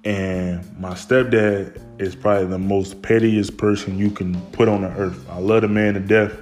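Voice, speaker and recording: Young adult male with a lowish voice, loose personal storyteller who rambles and restarts. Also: level tone, moderate pace, a little mellow, faint music behind. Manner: rambling, heavy on fillers and restarts. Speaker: storyteller recounting his childhood.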